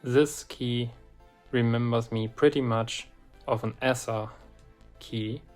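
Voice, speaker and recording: Guy walking through a lock, super slow and deliberate, lots of pauses, faint music in the back. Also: mid-range voice, fairly even intonation, darkish tone. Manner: slow and deliberate, pauses often between phrases. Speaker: lock picking hobbyist presenting a lock. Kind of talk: relaxed instructional walkthrough.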